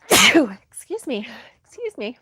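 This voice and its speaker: A woman hosting a relaxed crafting livestream, chatting through viewer comments and breaking into giggles as she goes. She talks unhurriedly and plainly into a close microphone in a dry, dead room. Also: a little high, breathy edge, no room sound. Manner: giggly, laughs often, soft-hearted. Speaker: crochet livestream host. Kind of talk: casual chat reading viewer comments.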